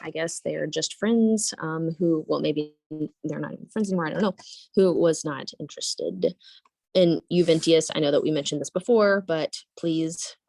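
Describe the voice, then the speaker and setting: A woman's voice: sits low, normal speed, gravelly, warm tone, no room sound. A young woman teaching a Latin lesson, translating line by line and thinking aloud with frequent ums and self-corrections.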